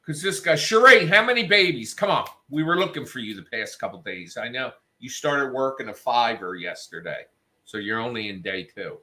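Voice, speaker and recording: A man's voice: mid-range voice, expressive, normal speed, sharp tone. A man hosting a show, telling a story in a casual, profane, worked-up rant and quoting people in raised voices. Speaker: show host.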